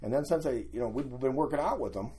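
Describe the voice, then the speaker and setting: An older man, a guest, telling lively anecdotes in a casual storytelling way and acting out what other people said. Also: medium pitch, fast talker, husky. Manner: animated anecdotes, acting out quoted voices.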